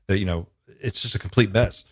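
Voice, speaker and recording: A man's voice: fairly low pitch, a little fast, dry recording, clean studio sound. A man hosting a podcast in casual chat, thinking aloud in a musing, speculative way. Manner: musing, speculative, many fillers. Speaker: podcast host.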